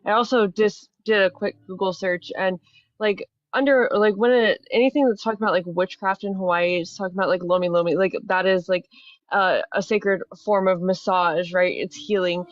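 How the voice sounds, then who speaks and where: A woman on a live show who talks in an animated way, filling her speech with "like". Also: medium pitch, normal speed, no echo. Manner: animated, heavy use of "like" fillers. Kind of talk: heated live stream chat. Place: home in Hawaii. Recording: dull lo-fi stream audio, faint music.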